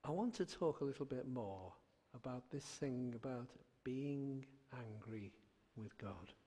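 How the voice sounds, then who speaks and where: Measured male interviewer, reverberant room. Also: mid-range voice, animated, warm tone, breathy edge. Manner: measured, reflective questioning. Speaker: interviewer host. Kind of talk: gentle interview questions. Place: church. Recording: long hall reverb.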